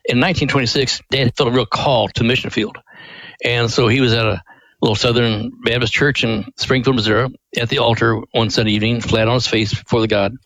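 A man's voice: medium pitch, fairly even intonation, a little fast, fairly bright tone, no room sound, low-quality recording. Folksy, earnest male storyteller. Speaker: ministry director, guest. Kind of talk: storytelling in radio interview.

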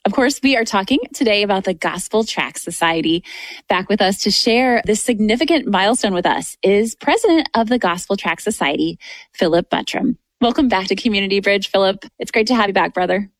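A woman's voice: mid-range voice, expressive, a little fast, no room sound. A woman hosts a Christian radio interview in a gracious, devout way, welcoming her guest and giving thanks. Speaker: radio show host. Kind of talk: scripted interview hosting.

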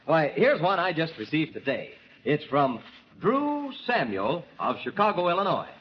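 A man's voice: on the high side, very animated, normal speed. A man working as a radio announcer, hearty and folksy in a 1940s style. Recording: dull old radio broadcast, faint hiss.

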